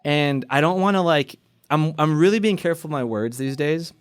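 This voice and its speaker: Smooth-voiced male podcast host. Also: a little high, fairly quick. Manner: supportive, reflective, short affirmations. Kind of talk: casual podcast chat.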